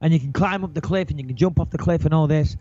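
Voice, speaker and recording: A middle-aged man telling an animated, swearing anecdote in casual chat, acting out his own panic. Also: a little high, fast talker. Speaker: guest storyteller. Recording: dull lo-fi sound, dry.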